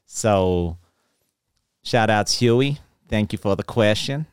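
A man doing a put-on American Southern accent, drawling and halting as he tells a story, laughing as he goes. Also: on the low side, clear, resonant tone, no room sound, studio quality. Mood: playful. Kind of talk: podcast bit.

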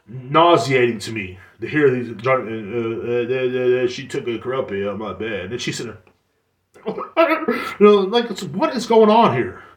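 A young man hosting a podcast, ranting sarcastically and swearing often. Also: medium pitch. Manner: swearing, sarcastic, mocks others in put-on voices. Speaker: podcast host. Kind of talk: casual ranting monologue. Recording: echoey room.

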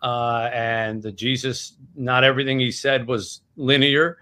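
Bright-voiced man retelling a story. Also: medium pitch, flat delivery, a little slow. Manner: chatty, retelling scenes with voices. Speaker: author, interview guest. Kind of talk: animated storytelling in conversation.

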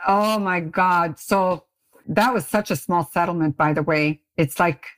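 A middle-aged woman from Canada tells her story as a podcast guest. Her low voice leaps high whenever she acts out what people said. The sound is close and dry. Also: a little slow, no echo. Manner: lively, acts out quoted voices with big pitch jumps. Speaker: guest, beauty brand founder. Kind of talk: animated storytelling in a podcast interview.

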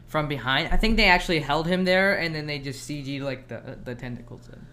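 A man's voice: on the high side, a little fast, pushed and bright. A young man co-hosting a podcast, chatting casually about a movie, hesitant and teasing his co-host. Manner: hesitant, many fillers and restarts, teasing. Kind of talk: casual movie review chat.

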